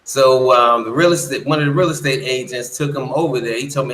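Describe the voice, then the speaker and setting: A man's voice: mid-range voice, brisk, a bit bright, echoey room, slight background noise, poor audio. A man in casual chat as a guest, telling stories in a blunt, profane way. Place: lives in the Dominican Republic.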